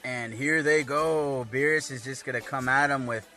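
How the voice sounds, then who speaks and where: A man's voice: mid-range voice, normal speed, soft background music. A man casually recapping an anime episode, rambling with lots of fillers. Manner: rambling, filler-heavy, animated.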